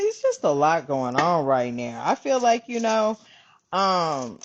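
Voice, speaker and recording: Low-voiced casual female card reader, lively swings, muffled home recording. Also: takes it slowly. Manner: chatty, swears freely, calls viewers family. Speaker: tarot reader. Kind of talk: casual spiritual channel talk. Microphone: camera on her hands. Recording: dull lo-fi sound.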